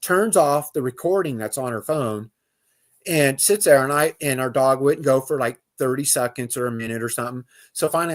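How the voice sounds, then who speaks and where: A man telling a personal outdoor story as a guest, in loose casual speech with fillers, restarts and imitated animal calls. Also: fairly high pitch. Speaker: guest recounting an outdoor encounter.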